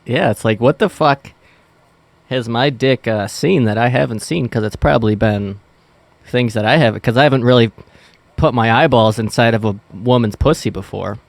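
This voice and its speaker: A man's voice: mid-range voice, moderate pace, creaky, dry recording. A young man co-hosting a podcast, laid-back and teasing, joining in crude banter. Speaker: podcast co-host.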